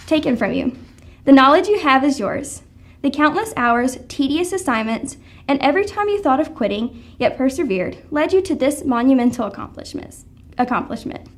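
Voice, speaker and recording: A young woman, a graduating student, giving an earnest, encouraging speech to her class. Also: high voice. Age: young adult. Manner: earnest, encouraging, read from script.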